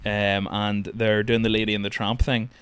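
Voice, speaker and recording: A man's voice: fairly low pitch, little pitch movement, normal speed, a bit bright, clear, resonant tone, no echo. A man hosting a podcast in casual chat, easygoing and swearing casually. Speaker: podcast host.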